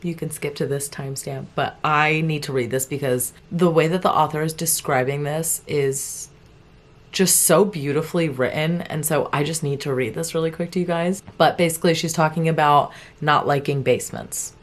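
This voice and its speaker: A young woman with a low-pitched voice talks straight to her viewers in a casual, chatty way. She is animated and laughs often as she reacts to what she is reading. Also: normal speed. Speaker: book vlogger. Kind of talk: casual chat to camera.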